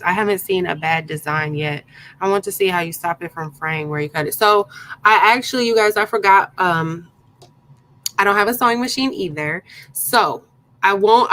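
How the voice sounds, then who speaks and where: Her voice sits lowish and a little bright as she leads a live crafting session, greeting viewers individually by name in relaxed chatter full of ums. It's a low-quality recording.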